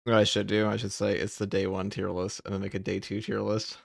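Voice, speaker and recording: A man's voice: on the low side, completely flat delivery, fairly quick, creaky. A man with a New York accent, chatting bluntly and jokingly on a gaming stream. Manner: blunt, joking, swears casually. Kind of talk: casual gaming stream chat.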